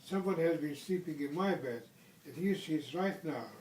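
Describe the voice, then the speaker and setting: A man's voice: fairly high pitch, moderate pace, darkish tone, slight background noise, natural voice. An older man voicing a sad little baby bear in a storybook, reading in a raised, plaintive way. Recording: echoey room from a distance.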